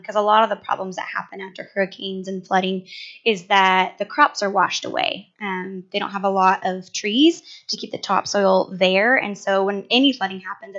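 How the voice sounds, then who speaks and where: A woman's voice: mid-range voice, fairly bright tone. A woman with a Minnesotan accent giving a casual report on a medical mission trip to a church group, talking into a large handheld microphone with lots of fillers. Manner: chatty, many fillers, quick self-corrections. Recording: dull lo-fi sound.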